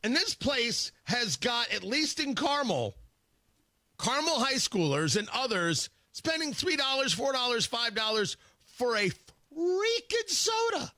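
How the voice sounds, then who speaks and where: A man's voice: extremely high pitch, big pitch swings, unhurried, bright, forceful tone, dry recording. A male radio host in a studio, talking in a casual, wry, rambling way with many stammered restarts. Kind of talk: casual morning radio talk.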